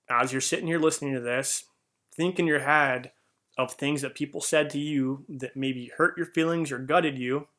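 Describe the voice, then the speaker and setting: Male host with a forceful, earnest voice and a mid-range pitch, talking casually. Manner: earnest storytelling with many fillers. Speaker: podcast host. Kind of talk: casual reflective monologue.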